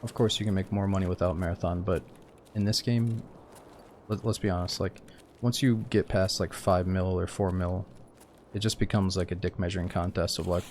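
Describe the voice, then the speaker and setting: Low flat-voiced streamer guy, tired and sleepy, rambles along with lots of dude, faint game sounds behind. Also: normal speed, slight background noise. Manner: laid-back, rambling, says "dude" a lot. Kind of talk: casual gaming stream chat.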